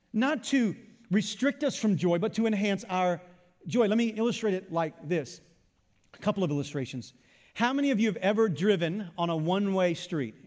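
A man delivers a sermon with a high, lifted voice that bounces off a church sanctuary, its long reverb trailing behind each phrase. He preaches in an animated way, asking the congregation questions and acting out what they might say. His delivery keeps shifting between loud, eager stretches and softer, more earnest ones. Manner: animated, acts out imagined voices of the listeners. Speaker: pastor.

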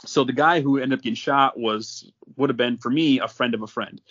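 Brief: young man, casual storyteller, mid-pitched, laughing often, muffled lo-fi audio. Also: brisk. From North Dakota. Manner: animated, laughs often while telling. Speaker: podcast guest.

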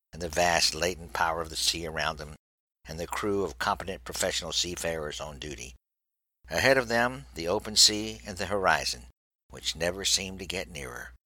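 A man reading a naval story aloud in a steady, measured way. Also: low-pitched, no room sound, low-quality recording. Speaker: narrator.

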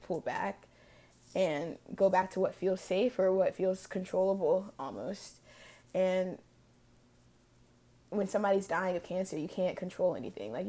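A woman's voice: on the low side, a little mellow. A woman in her early twenties hosting a podcast, telling a personal story about loss in a casual, reflective way with many fillers. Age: early 20s. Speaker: podcast host.

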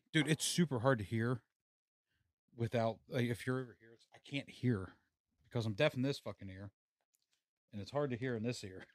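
A man's voice: medium pitch, moderate pace, pauses often, dry recording, clean studio sound. A man hosting a casual podcast chat, laid-back and swearing freely. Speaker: podcast host. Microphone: studio mic.

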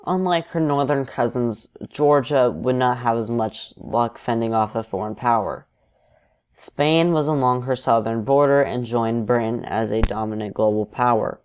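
Male narrator for alternate history, steady and explanatory, mid-range voice. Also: mid-range voice, clear, resonant tone.

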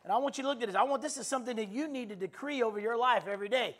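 A man preaching a sermon, leading the congregation in loud, emphatic call-and-response declarations and repeating his phrases. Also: extremely high pitch. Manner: emphatic, repeats phrases, stretches words slowly while shouting. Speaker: pastor.

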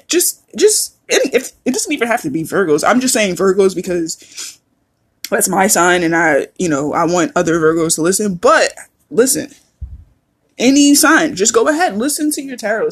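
A woman's voice: fairly low pitch, husky. A woman hosting a casual solo podcast, chatty and laughing often, swearing freely as she talks. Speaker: podcast host.

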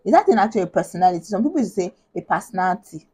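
A woman's voice: medium pitch, sing-song, rapid-fire, mellow, husky, poor audio. A woman from Nigeria hosting a podcast in casual chat. She is bubbly, laughs often and thinks aloud with many restarts. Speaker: podcast host.

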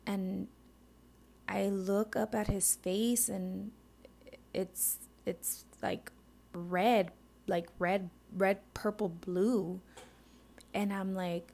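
A young woman telling a personal story in a halting way, full of fillers and often dropping into a whisper, tearful. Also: mid-range voice, fairly even intonation, creaky. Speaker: mother recounting a loss.

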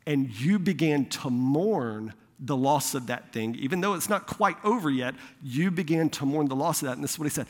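A young pastor with a fairly high voice preaches a sermon, telling a personal story in a loose, conversational way. He is expressive, speaks at normal speed with few pauses, and acts out the people he quotes, his voice ringing with the long reverb of a big hall.

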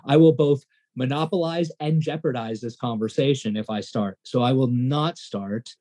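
Excitable, rambling male podcast co-host. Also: mid-range voice, moderate pace. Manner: excitable, rambling, voice jumps up when worked up. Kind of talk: casual podcast banter.

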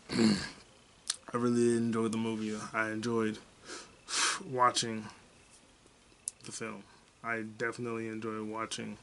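A man's voice: medium pitch, slight background noise. A young man rambles through a casual movie review on his podcast. His voice sits in an ordinary middle register, laid-back and loose, and he drops in the odd curse. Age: young adult. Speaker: podcast host.

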